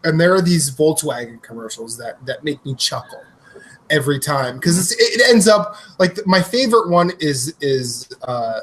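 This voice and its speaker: A young man with a notably high voice co-hosts a casual podcast. He talks in an animated way, laughs often and acts out lines from commercials. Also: moderate pace, rough recording. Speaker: podcast co-host. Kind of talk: casual chat.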